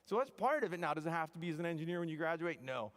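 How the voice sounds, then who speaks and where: A man, an engineering professor, giving a joking, animated devotional talk to students, full of wry asides. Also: fairly high pitch, rapid-fire. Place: chapel hall. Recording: long hall reverb.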